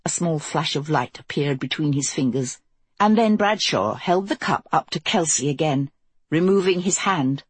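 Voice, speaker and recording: A woman narrating a fantasy audiobook in a measured, even storytelling way. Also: low-pitched, breathy edge, no echo.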